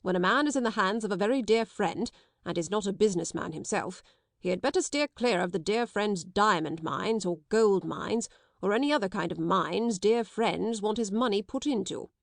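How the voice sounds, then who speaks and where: A woman's voice: medium pitch, normal speed, creaky, dry recording, natural voice. A woman reading an audiobook, voicing a dry, brusque middle-aged male solicitor with a clipped, disapproving manner.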